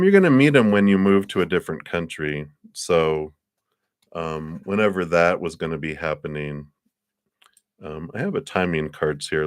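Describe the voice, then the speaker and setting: A man's voice: very deep voice, dry recording, clean studio sound. A man giving a casual live-stream tarot reading, chatty and rambling, often laughing. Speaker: tarot card reader.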